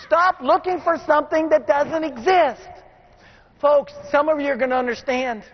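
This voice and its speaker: A middle-aged man giving a motivational speech to a room full of people, calling out for the crowd to answer back and swinging between shouting and hushed intensity. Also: very high voice, moderate pace, in a large hall. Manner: call-and-response, demands the crowd answer. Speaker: motivational speaker. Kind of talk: motivational speech to a live audience. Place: large room with an audience. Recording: dull lo-fi recording.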